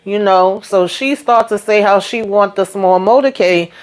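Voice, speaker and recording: A woman hosting a casual TV episode recap, retelling scenes in lively quoted voices with frequent asides, while coming down with a cold. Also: medium pitch, a little slow, smooth. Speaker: TV recap host.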